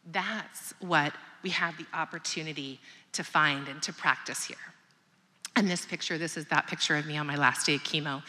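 A woman's voice: sits low, pushed and bright. A woman in her thirties giving a candid, conversational motivational talk to a mothers' group, often asking the audience questions. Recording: long hall reverb.

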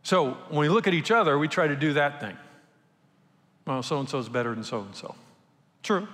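Conversational preacher in a reverberant hall. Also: male voice, fairly high pitch, a bit bright. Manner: conversational preaching, acts out quoted voices. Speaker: pastor. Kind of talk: sermon. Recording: long reverb from a large hall.

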